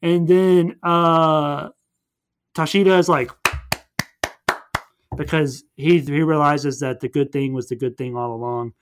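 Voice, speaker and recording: Young man, slightly high voice, rambling animated plot recap, casual chat. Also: background noise. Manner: rambling, animated retelling with quick voiced asides.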